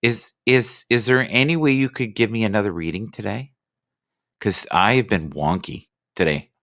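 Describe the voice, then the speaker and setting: A man's voice: on the low side, normal speed, a bit bright, dry recording, studio quality. A man hosting a casual live stream, joking and rambling playfully with his guests.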